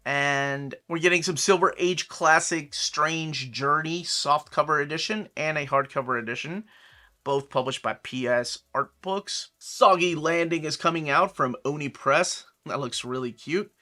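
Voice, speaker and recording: A man's voice: on the high side, a little slow, pushed and bright. A man in his forties with an American accent, casually running down upcoming comic releases with chatty asides and self-corrections. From United States. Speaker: comic book collector host. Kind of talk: casual product rundown.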